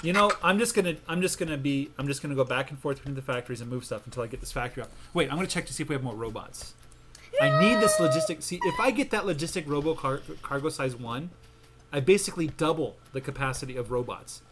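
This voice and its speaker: A man's voice: medium pitch, animated, quick pace, a bit bright, a little hiss or hum. Rambling casual man telling a joke. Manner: rambling, self-interrupting storyteller. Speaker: gaming channel host. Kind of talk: casual gameplay commentary.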